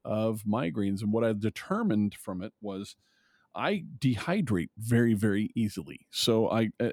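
A man in his fifties hosting a podcast in casual chat, relaxed and rambling, quick to laugh. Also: fairly low pitch, no room sound, studio quality. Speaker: podcast host.

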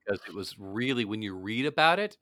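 A man with a lowish voice talks casually, rambling through a story and often trailing off to restart. The sound is dry and close, with no room around him. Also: expressive, fairly quick, fairly bright tone, no echo. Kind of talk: casual chat.

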